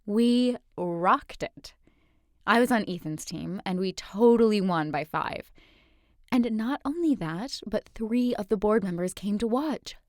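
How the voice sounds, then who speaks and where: A woman reading aloud voices an excitable, nosy teenage girl who gushes and squeals. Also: mid-range voice, moderate pace, few pauses, dry recording, studio quality, natural voice. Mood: gushing. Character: chatty excitable young woman, teenage friend.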